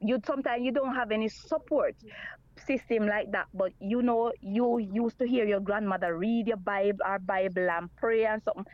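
A woman's voice: medium pitch, normal speed, no echo, highs cut off. A woman calling in to a radio talk show, speaking earnestly and repeating her points. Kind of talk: call-in radio chat.

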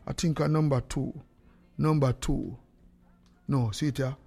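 A man's voice: mid-range voice, steady tone, unhurried, gravelly, warm tone. A man with a Jamaican accent hosting a live stream from his home studio, joking and teasing as he calls out to viewers by name. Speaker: livestream host.

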